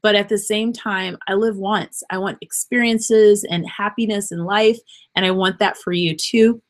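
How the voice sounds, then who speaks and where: An earnest woman gives an unscripted motivational talk, rambling and encouraging. She sounds emotional and close to tears, and her voice sits at a middle pitch. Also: fairly even intonation, measured pace. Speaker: podcast host.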